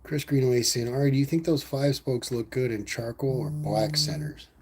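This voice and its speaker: A man chats through a casual livestream, reading viewers' comments aloud and answering at an easy pace. His voice sits at an everyday pitch, and his manner is relaxed and rambling, with "man" tossed in often. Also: moderate pace, slight background noise. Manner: laid-back, rambling, says "man" a lot. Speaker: livestream host reading chat.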